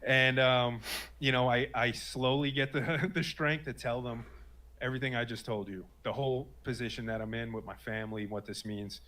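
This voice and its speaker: A man's voice: mid-range voice, steady tone, normal speed, sharp tone. A man in his late thirties telling a personal story in an earnest, rambling way, full of fillers and restarts. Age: 30s. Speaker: guest sharing a personal story. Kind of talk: casual spoken testimony.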